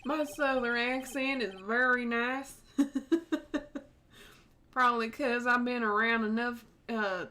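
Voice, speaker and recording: A let's play host from the United States, a woman with a slightly high, sharp-toned voice, offers casual, chatty commentary as she plays a game. She's giggly and laughs often.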